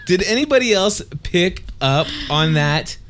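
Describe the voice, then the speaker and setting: A man's voice: high-pitched, sing-song, unhurried, a bit bright, slight background noise. A man co-hosting a casual podcast, talking in a playful, rambling way and often restarting his sentences. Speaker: podcast co-host. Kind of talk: casual chat.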